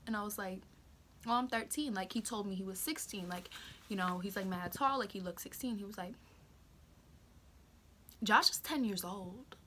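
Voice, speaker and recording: A woman's voice: mid-range voice, normal speed, pauses often, a bit bright, slight background noise. A teenage girl vlogger telling a story in casual slang, acting out what people said.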